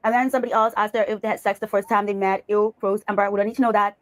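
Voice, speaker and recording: A woman's voice: mid-range voice, little pitch movement, rapid-fire, no echo. A woman giving reaction commentary in a sarcastic, scolding manner. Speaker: commentary YouTuber.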